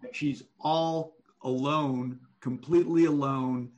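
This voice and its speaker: A man giving one-on-one manuscript feedback over an online call, explaining deliberately and thinking aloud. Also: medium pitch, steady tone, darkish tone, highs cut off. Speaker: writing coach.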